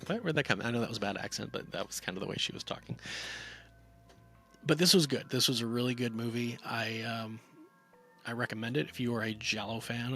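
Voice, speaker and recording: A man talks through a film review in a loose, rambling way, circling back with plenty of fillers and restarts. His voice is bright and forceful at a middle pitch, and soft music plays faintly underneath. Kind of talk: casual spoken movie review.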